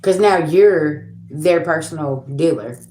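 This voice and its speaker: Casting: woman, 40s, low voice, blunt and preachy livestream host, profane, roomy echo. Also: slow, mellow, slight background noise. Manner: blunt, profane and preachy, addresses viewers as y'all. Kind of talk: casual livestream talk.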